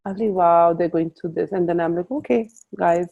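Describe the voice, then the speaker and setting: Her voice lowish and gravelly, and her pace moderate, a woman guides a group coaching call in a casual tone. She narrates animated stories and quotes what she was thinking, and the video-call recording sounds muffled.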